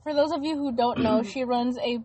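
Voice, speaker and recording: A woman's voice: a little high, a little fast, dark tone, a little hiss or hum. A woman co-hosting a casual podcast chat, laughing often and hesitating with fillers. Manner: giggly, hesitant with many fillers. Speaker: podcast co-host.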